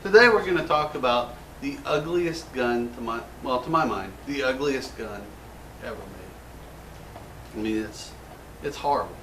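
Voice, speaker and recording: A man's voice: medium pitch, lively intonation, moderate pace, noisy background. American guy goofing around hosting a gun show, sounds far off in an echoey room. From United States. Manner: goofy, self-mocking, rambling jokes. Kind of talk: casual joking show-and-tell. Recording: roomy echo from a distant mic.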